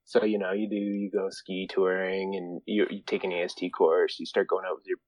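A man talking as a podcast guest in a mellow, easygoing way. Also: low-pitched, flat delivery, a little fast, no echo, low-quality recording. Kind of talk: casual chat.

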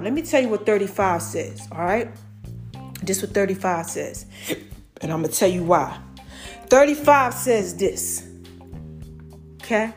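A woman teaching scripture on a podcast, animated and forever checking in with her listeners. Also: mid-range voice. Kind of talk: preaching on a podcast.

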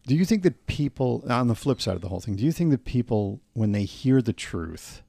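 Male co-host, low gravelly dark voice, fast talker, agreeable, dry close mic. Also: sing-song, no room sound. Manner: quick agreeing interjections, easy laugh. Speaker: podcast co-host. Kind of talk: casual chat.

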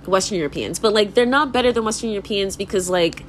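A woman's voice: mid-range voice, quick pace, slight background noise. A young woman hosting a podcast in a casual, rambling monologue, swearing freely, laughing often and filling her speech with "like.". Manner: fills speech with "like". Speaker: podcast host.

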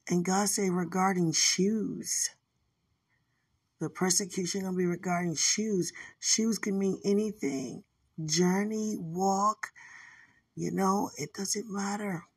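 A woman sharing a spiritual testimony in a relaxed, rambling way, full of "you know"s and warm asides. Her voice is husky and her pace is unhurried. She sits a little back from the mic in a dry room. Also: medium pitch, no echo, far from the mic. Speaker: podcaster.

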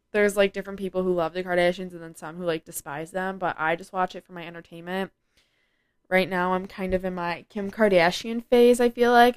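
Rambling casually on her solo podcast, a teenage girl keeps saying "like" as she chats. Her medium-pitched voice is smooth and fairly bright, with studio-quality sound and no room noise.

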